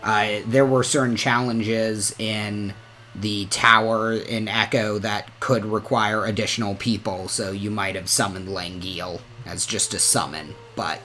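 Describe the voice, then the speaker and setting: A man hosting a livestream, talking in a halting, hesitant way. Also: on the low side, fairly even intonation, bright, forceful tone, soft background music. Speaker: livestream host. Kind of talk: casual livestream chat.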